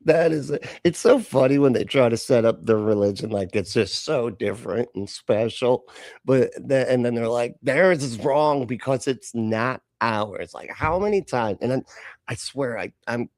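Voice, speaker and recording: A man's voice: mid-range voice, normal speed, a little mellow, no echo. A man hosting a live reaction stream, joking and sarcastic, laughing often and greeting chatters by name. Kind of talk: casual live-stream chat.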